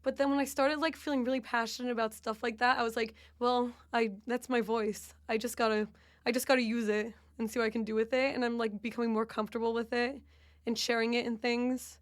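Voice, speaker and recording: A woman's voice: fairly high pitch, level tone, a little fast. A woman speaking earnestly about growing comfortable with her voice. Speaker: podcast guest. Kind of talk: casual chat.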